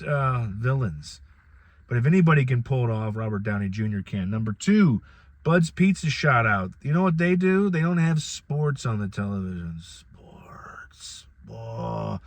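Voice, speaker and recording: A middle-aged man talks through a casual solo podcast at an everyday, mid-range pitch. He rambles in a loose, conversational way and often restarts his sentences. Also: no room sound. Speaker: podcast host.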